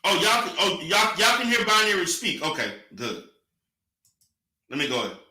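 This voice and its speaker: A man's voice: high-pitched, very animated, normal speed, sharp tone, roomy sound. A man hosting a stream, mocking a clip with crude, laughing commentary. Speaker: livestream commentator.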